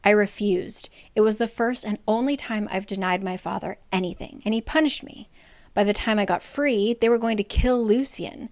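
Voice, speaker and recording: A woman's voice: medium pitch, moderate pace, a little mellow, close to an everyday voice. A woman voicing a brooding male fae noble who answers curtly and defensively, in her own casual voice.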